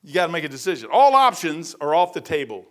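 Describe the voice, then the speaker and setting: Animated folksy male preacher. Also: fast. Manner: folksy storytelling, animated swings in pitch and loudness; casual slang, addresses listeners as man and brother. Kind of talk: sermon.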